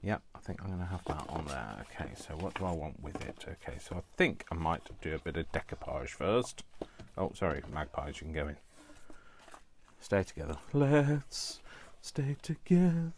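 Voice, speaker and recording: A low, deep-voiced man with a Coventry accent chats his way through a crafting session. He rambles into asides and mocks himself good-naturedly, like he's talking to a friend across the table. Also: lively intonation, brisk, a little hiss or hum. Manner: chatty, self-mocking, rambling asides. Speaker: craft vlogger. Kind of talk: casual chat while crafting.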